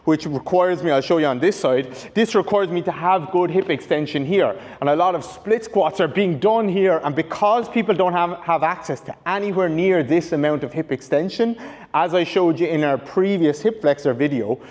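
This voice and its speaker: In a big training room with a whiteboard, a man who works as a rehab coach walks through an instructional demonstration step by step, fixing his own wording along the way. He speaks at a moderate pace with a fairly high, darkish voice, and the recording carries long reverb.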